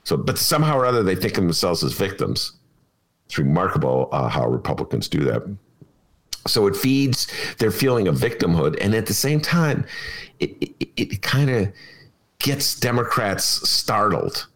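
A man co-hosting a casual political podcast, sarcastic and getting worked up, with loud laughs. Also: sits low, sing-song, moderate pace. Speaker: podcast co-host.

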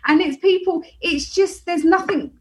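A woman's voice: very high voice, moderate pace. A British woman talking as a podcast guest, hesitant with many restarts. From Britain. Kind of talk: casual chat.

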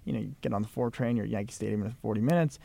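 A man's voice: fairly low pitch, very fast, gravelly, warm tone, dry recording. A man co-hosting a podcast in casual chat, conversational with many fillers and asides. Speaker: podcast co-host.

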